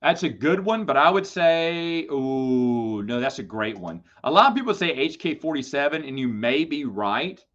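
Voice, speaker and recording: A man hosting a live Q&A stream, chatting casually and telling lively, playful stories to viewers. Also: medium pitch, normal speed, few pauses. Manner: animated storytelling, lively and playful. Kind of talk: casual livestream chat. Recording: dull lo-fi stream audio.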